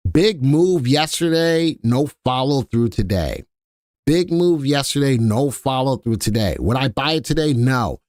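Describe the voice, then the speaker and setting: A man's voice: medium pitch, no room sound, clean studio sound. A man hosting a live stock-analysis stream, chatting casually with viewers and crew and repeating his key points. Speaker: livestream stock analyst host.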